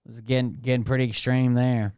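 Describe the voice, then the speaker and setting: A man's voice: mid-range voice, little pitch movement, fairly quick, darkish tone, clear, resonant tone, no room sound, studio quality. A man doing casual, sarcastic live-stream commentary, mocking and swearing as he reacts.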